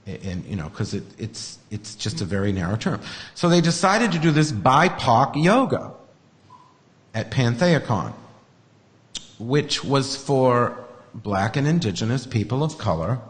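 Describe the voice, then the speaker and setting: A man's voice: medium pitch, very animated, measured pace, in a large hall. A man hosting a casual podcast chat, ranting in a profane, sarcastic way. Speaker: host.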